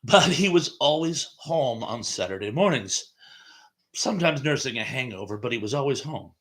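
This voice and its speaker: A man's voice: medium pitch, animated, moderate pace, fairly bright tone. A man in his fifties hosting a casual live stream, reading viewer comments aloud in a chatty, rambling way. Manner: chatty and rambling, with frequent fillers and chuckles.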